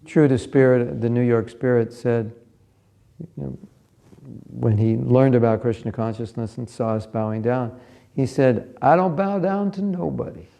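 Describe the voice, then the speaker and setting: A man's voice: medium pitch, a little slow, vocal fry, dark tone. A man giving a scripture class in a conversational, storytelling way, sometimes turning to ask his listeners questions. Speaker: class speaker.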